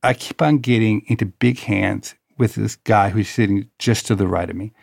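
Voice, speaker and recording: A man's voice: fairly low pitch, steady tone, moderate pace, creaky, no echo, clean studio sound. A man hosting a conversation, telling a personal story in a wry, anecdotal way.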